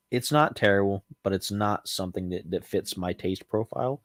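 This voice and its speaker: A man's voice: low voice, normal speed, no room sound. A man hosting a casual home review vlog about spirits, talking loosely with many ums and restarts. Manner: rambling, frequent ums and self-corrections. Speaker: channel host reviewing cognac.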